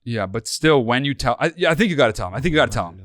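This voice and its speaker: A man's voice: mid-range voice, lively intonation, very fast, fairly bright tone, dry recording, clean studio sound. A man co-hosting a podcast in casual chat, blunt and argumentative, swearing freely. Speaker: podcast co-host.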